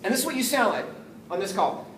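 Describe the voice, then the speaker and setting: A man giving an energetic, jokey sales training talk to a live group, often acting out phone calls. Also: sits high, quick pace, distant mic. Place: meeting room with an audience. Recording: echoey room, voice from afar, faint noise.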